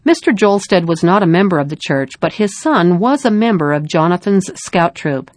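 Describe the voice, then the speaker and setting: A woman reading a story aloud in a calm, measured narration. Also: on the low side, no room sound, clean studio sound.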